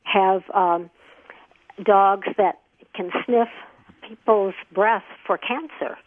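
A woman's voice: mid-range voice, takes it slowly, slight background noise. A woman author being interviewed on a radio call-in show, explaining thoughtfully. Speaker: author and expert guest. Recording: tinny phone line.

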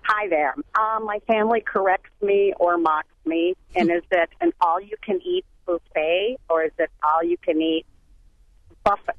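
A woman's voice: on the low side, fairly even intonation, moderate pace. A woman calling into a radio show, speaking hesitantly and sounding unsure. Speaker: caller. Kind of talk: radio call-in. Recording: dull phone-line sound.

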